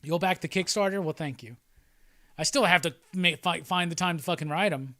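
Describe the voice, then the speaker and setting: Man, livestream host, rambling, profane, fairly high voice, dry close sound. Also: fairly quick, pushed and bright, dry recording. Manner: rambling and profane, with frequent laughs. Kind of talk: casual livestream chat.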